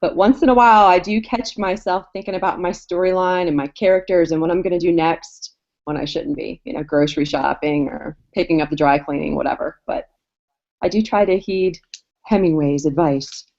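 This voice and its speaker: A woman's voice: lowish voice, brisk, vocal fry, darkish tone, lo-fi sound. A woman novelist on a writing panel, talking in a cheerful, chatty way and laughing often. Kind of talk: casual panel talk.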